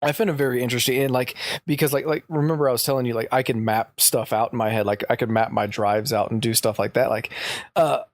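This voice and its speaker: A man co-hosting a podcast in casual chat who talks eagerly in quick bursts and swears offhandedly. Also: mid-range voice, steady tone, no room sound. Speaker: podcast co-host.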